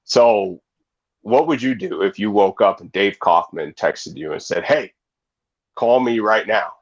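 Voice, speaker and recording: Speaking in a lowish voice without hurrying, a man in his forties who breeds snakes tells animated stories in a casual livestream interview, voicing the people he quotes. His sound comes over a video call, muffled and lo-fi.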